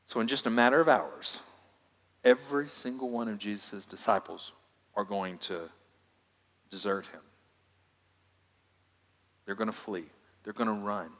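Man preaching in a reverberant hall. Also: fairly low pitch. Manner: dynamic delivery, swinging from loud emphasis to hushed asides. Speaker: pastor. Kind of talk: sermon.

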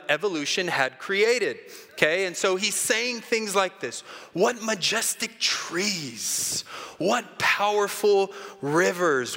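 A preacher speaks slowly and deliberately in a bright, forceful voice, building the story with animated drama. His words ring out with the long reverb of a large hall. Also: sits high. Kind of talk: sermon storytelling.

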